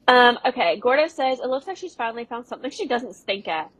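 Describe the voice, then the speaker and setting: A woman's voice: a little high, brisk, few pauses, breathy edge, low-quality recording. A young woman co-hosting a podcast, casually recapping a TV episode and acting out the characters' lines in playful voices. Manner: animated retelling, acting out quotes in voices. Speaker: podcast co-host.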